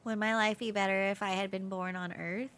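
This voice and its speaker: A woman streamer reading aloud the inner thoughts of a gloomy, self-loathing young student from a video game, in a flat, downbeat way. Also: mid-range voice, fairly quick, smooth, natural voice. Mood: glum.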